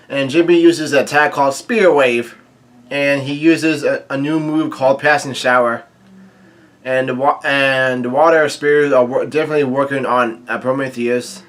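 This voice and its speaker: A man casually reading a comic chapter aloud, quoting lines and adding his own quick asides. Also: mid-range voice, fairly even intonation, fairly bright tone. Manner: reads quoted lines aloud with brief reactions and asides, many fillers. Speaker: manga reading commentator.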